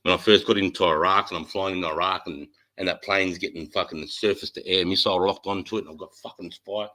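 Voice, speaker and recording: Australian man in his forties, swearing storyteller, bright forceful voice, lowish pitch. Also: fast talker, poor audio. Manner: animated, swears heavily. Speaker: host. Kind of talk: casual chat, storytelling.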